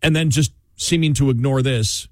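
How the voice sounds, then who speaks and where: A man's voice: mid-range voice, moderate pace, darkish tone, no echo. A male talk radio host rambles through political chat, full of fillers and half-finished restarts. His voice sits in the middle of the range and sounds incredulous. The mic is close and dry.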